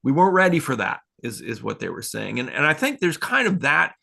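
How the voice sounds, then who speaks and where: Gravelly-voiced man in a rambling talk. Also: mid-range voice, huge pitch swings, a little fast, pushed and bright. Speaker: podcast host. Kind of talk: casual spiritual talk.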